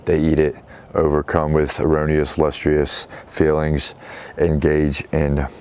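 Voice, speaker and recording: Man, very low voice, flat delivery, slangy, casual storytelling host. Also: slow pace, smooth. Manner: slangy, animated quoting of characters. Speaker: show host.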